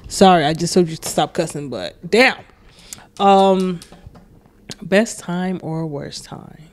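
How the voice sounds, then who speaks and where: A woman's voice: fairly low pitch, slow pace. A young woman in casual chat as the oldest sister, jet-lagged, laid-back and slangy, swearing freely as she tells family stories.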